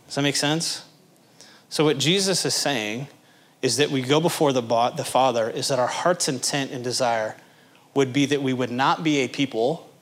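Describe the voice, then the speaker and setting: A pastor preaching to his congregation, asking them direct questions and acting out little scenes in voices. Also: medium pitch. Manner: animated, acts out little scenes in character voices. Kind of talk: sermon.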